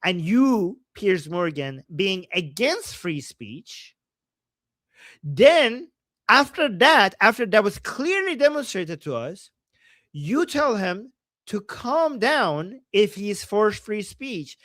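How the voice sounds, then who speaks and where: Man, livestream host, high voice, heated swearing rants, reads chat aloud, dry close sound. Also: sing-song, no room sound. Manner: heated, swears freely, quick swings from soft to loud. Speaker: livestream host reacting to clips. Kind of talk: casual reaction commentary.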